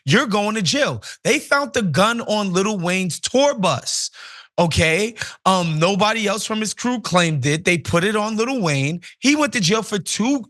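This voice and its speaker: A man's voice: sits high, fairly bright tone. A man co-hosting a casual news commentary, blunt and exasperated, talking in slang. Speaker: co-host.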